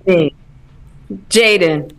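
A woman's voice: fairly low pitch, drawn-out words. A woman guest from Baltimore on a radio interview, playing a lyrics game, laughing often and joking about herself. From Baltimore, United States. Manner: animated, laughs often, self-deprecating. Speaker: celebrity guest.

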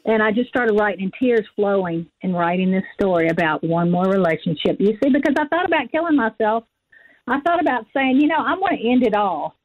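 A woman's voice: medium pitch, expressive, a little fast. A woman in her forties, a guest author, telling an earnest and emotional personal story in an interview, often acting out what she thought and said. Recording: dull lo-fi audio.

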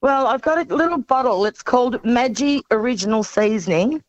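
A woman's voice: a little high, animated, normal speed, lo-fi sound. A woman with an Australian accent calling in to talk radio, chatty and enthusiastic. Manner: chatty, enthusiastic, laughs at herself. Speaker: caller. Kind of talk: talkback radio call.

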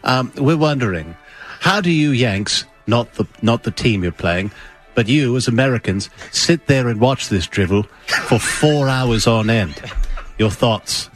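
A man's voice: medium pitch, expressive, unhurried, soft background music, close to an everyday voice. A man playing a mocking British tabloid reporter in a put-on British accent, in a replayed comedy radio bit.

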